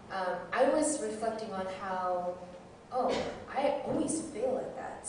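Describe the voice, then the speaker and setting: A woman's voice: mid-range voice, slight background noise. A woman who teaches, giving a candid, self-deprecating personal testimony as a sermon. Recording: very echoey hall, mic far off.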